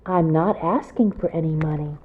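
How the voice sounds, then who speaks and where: A woman voicing a kind, humble old male baker in a gentle, soft-spoken way. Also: deep voice, moderate pace, breathy edge. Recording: tinny phone-like sound.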